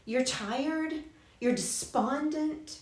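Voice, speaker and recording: A woman voicing a halting, anxious disciple. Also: high-pitched, echoey room, pitched above the performer's own voice. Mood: pleading. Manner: halting, stammering pleas. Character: anxious male disciple pleading with his leader.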